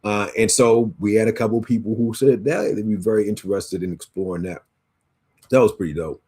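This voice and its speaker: Man, fairly low voice, casual chat, laid-back, slangy, lots of fillers, video call. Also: a little fast, husky. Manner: relaxed, slangy, trails off with fillers. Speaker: podcast co-host, educator.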